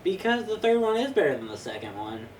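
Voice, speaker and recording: A young man guesting on a casual podcast, insistent and quick to laugh. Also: high-pitched, sing-song. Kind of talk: casual chat. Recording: roomy, distant mic with faint noise.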